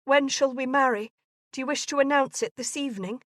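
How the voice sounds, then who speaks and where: A woman's voice: high voice, fairly quick, dry recording, studio quality, pitched above the performer's own voice, close to an everyday voice. Woman voicing a headstrong young regency lady. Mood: guarded.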